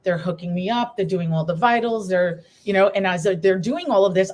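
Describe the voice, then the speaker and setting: A woman's voice: medium pitch, a little fast, a little mellow. A middle-aged woman, a guest on a live talk show, telling her personal story while trying to hold back tears.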